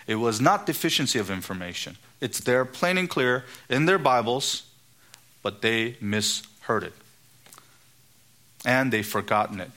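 A middle-aged man preaching a sermon, getting emphatic and rising in pitch on key points. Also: pushed and bright. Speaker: pastor.

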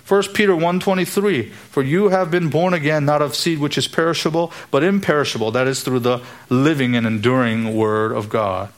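A man's voice: on the high side, normal speed, few pauses. Man preaching an expository sermon. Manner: expository preaching, rising emphatic when quoting scripture. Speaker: pastor.

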